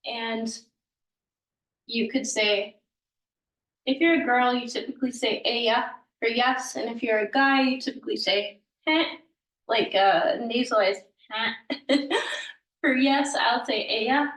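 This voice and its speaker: A fairly high-voiced woman explains a language lesson slowly and patiently, stopping often to correct herself. Her voice sounds roomy and a little far from the mic. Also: fairly even intonation, fairly bright tone. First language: English. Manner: slow, patient explaining with frequent ums and self-corrections. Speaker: language teacher. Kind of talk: informal recorded language lesson.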